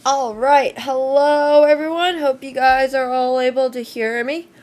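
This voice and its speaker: A woman with a high, fairly even, slightly mellow voice speaks a little slowly. She's a streamer chatting casually with viewers, sounding a bit congested and shaky, rambling and thanking people as she goes.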